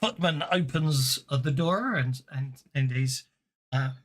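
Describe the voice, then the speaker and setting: A man narrating as game master in a tabletop game, halting with many fillers. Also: a little high, lively intonation.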